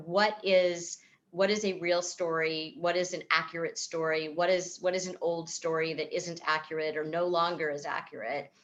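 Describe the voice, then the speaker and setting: A woman psychotherapist with a fairly low voice speaks over a video call. She explains ideas thoughtfully, circling back and restarting her sentences as she goes. Her talk comes across as calm and considered. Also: muffled recording, a little hiss or hum. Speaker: psychotherapist and author. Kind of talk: virtual event talk, answering a host's questions.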